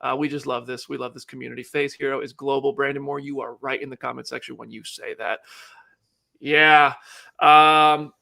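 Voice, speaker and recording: A man hosting a live show, chatting casually and joking, rambling with quick restarts. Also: medium pitch, steady tone, gravelly, bright, forceful tone. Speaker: host.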